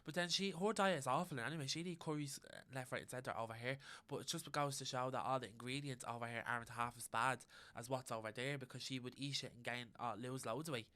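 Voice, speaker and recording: A young man with an Irish accent talks quickly in a bright, forward voice, co-hosting a casual podcast. He is blunt and gossipy, and he swears freely. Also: medium pitch. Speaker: podcast co-host. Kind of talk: casual chat.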